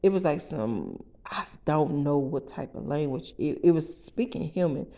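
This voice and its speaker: A woman telling a wild first-person story for a vlog, brash and profane, with loud bursts and asides to her viewers. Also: low-pitched, animated, measured pace.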